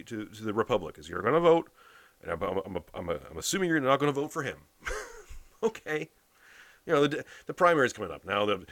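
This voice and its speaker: A man's voice: mid-range voice, fairly bright tone, no echo. A man from Canada giving a blunt, sarcastic political rant, swearing heavily.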